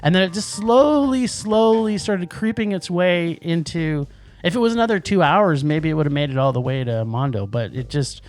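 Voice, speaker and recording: A man's voice: fairly high pitch, moderate pace. A man co-hosting a movie podcast in casual chat, rambling with restarts and laughs. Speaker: podcast co-host.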